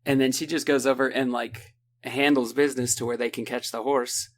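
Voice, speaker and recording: A man in casual podcast chat, recapping a book in a rambling, sarcastic way and mimicking the characters in quick asides, with a lilt. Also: mid-range voice, flat delivery. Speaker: podcast co-host.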